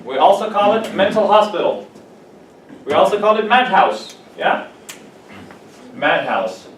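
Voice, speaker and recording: Lively man teaching vocab in an echoey classroom. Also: high voice, unhurried. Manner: animated, playful, acts out examples. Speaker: English teacher. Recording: echoey room from far off, faint noise.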